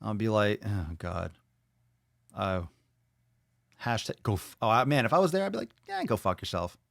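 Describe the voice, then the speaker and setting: A man's voice: lowish voice, sing-song, moderate pace, creaky, no echo, clean studio sound. A man hosting a podcast, chatting casually and bluntly, swearing freely as he reads viewer comments aloud and reacts to them. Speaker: podcast host.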